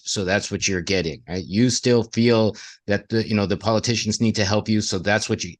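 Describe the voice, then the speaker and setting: A man with a fairly low voice in a casual podcast conversation. He drives each point home bluntly, repeating phrases for emphasis and swearing freely. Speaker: podcast co-host.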